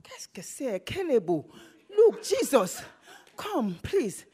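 High, animated woman preacher. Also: slow pace, slightly rough. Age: adult, married. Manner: animated, swings into bursts of shouting. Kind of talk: sermon.

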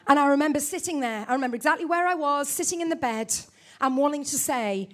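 Woman, middle-aged, very high voice, sermon, playful, teasing, church. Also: fast talker. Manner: lively, humorous, teasing the congregation. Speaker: preacher. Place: church before a congregation.

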